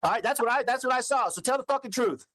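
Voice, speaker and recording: A man in a heated phone argument, yelling, cursing and accusing the other person of lying. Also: extremely high pitch, quick pace. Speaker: caller on a recorded phone call.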